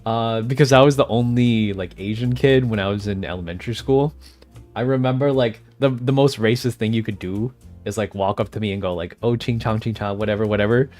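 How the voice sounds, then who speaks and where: A man's voice: on the low side, a little fast, a little mellow, faint music behind. A man streaming live and chatting casually with viewers, rambling and easily distracted, often laughing. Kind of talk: casual chat with livestream viewers.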